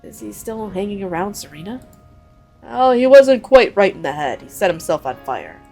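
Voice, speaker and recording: A woman voicing an older male townsman who briskly shares town gossip. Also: medium pitch, big pitch swings, darkish tone, faint music behind.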